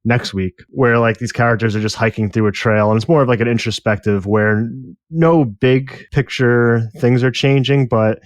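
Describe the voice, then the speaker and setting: A man's voice: mid-range voice, fairly even intonation, moderate pace, dry recording, clean studio sound. A man co-hosting a podcast, talking casually in a rambling way with many fillers. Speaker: podcast co-host. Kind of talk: casual review chat.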